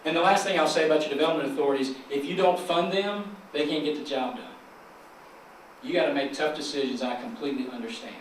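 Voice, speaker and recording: Speaking fast at a fairly high pitch, a Southern-accented chamber of commerce president delivers a keynote full of folksy jokes. He gets the local officials in the large hall calling back to him. The echoey recording is distant, with slight background noise.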